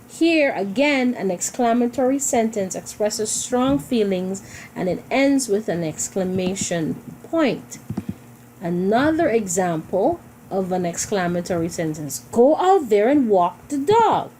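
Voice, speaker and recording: A woman's voice: medium pitch, warm tone, a little hiss or hum, poor audio. A woman teacher giving a recorded grammar lesson, explaining patiently and repeating key points for her students.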